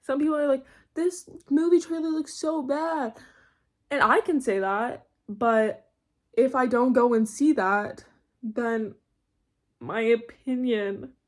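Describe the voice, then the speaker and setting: Rambling young woman ranting in her room. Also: a little high. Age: young adult. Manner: rambling, self-interrupting, laughs often. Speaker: vlogger. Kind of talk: casual rambling rant. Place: her bedroom.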